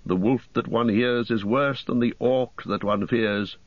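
A man's voice: mid-range voice, steady tone, measured pace, no room sound, muffled recording, natural voice. A man reading the lines of a proud, stubborn warrior in an audiobook, firm and blunt.

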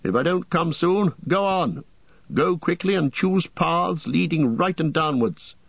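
A man's voice: a little high, expressive, a little slow, creaky, breathy edge, dry recording, pitched above the performer's own voice, full character voice. A man voicing a fierce, commanding old wizard in an audiobook, urgent in manner. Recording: dull lo-fi cassette.

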